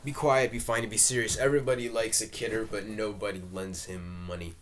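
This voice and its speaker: A man's voice: on the low side, flat delivery, a little fast, a little hiss or hum, close to an everyday voice. Man reading a pushy aging salesman. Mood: lecturing. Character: aging male salesman, pushy and quick-tempered. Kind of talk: amateur play read-through.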